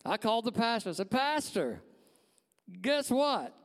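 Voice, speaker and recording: A man, telling a personal testimony in church as a folksy, animated storyteller. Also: very high voice, measured pace, in a large hall. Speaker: church staff member giving a testimony.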